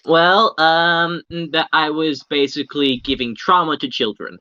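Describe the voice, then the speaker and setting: A man playing a tabletop game, talking in an animated, rambling, slangy way. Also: on the high side, a little slow, muffled recording, slight background noise. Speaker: player. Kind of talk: casual tabletop game chat.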